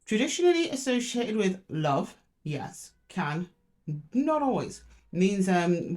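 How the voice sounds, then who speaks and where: A woman's voice: on the low side, darkish tone. A young adult woman doing a chatty, affectionate tarot reading to camera in a room at home. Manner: chatty and affectionate, talking to viewers as "my loves". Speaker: tarot reader. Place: room in a two-story house.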